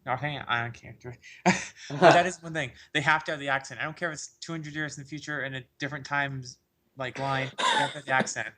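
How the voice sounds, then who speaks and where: A man in a casual podcast chat, excitable and rambling, laughing often as he talks about games. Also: medium pitch, fast talker. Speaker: podcast co-host.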